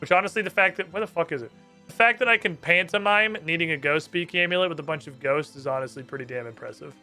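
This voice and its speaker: Man streaming a game, sarcastic, swears a lot, bright tone, faint game music behind. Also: a little high. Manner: sarcastic, profane, quick asides. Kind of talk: casual gameplay commentary.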